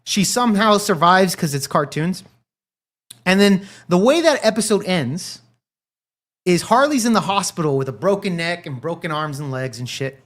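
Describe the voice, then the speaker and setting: A man's voice: fairly high pitch, fairly bright tone. A man hosting a stream, reacting to clips in rambling, profane casual commentary. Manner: profane, rambling, laughs often. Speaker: stream host.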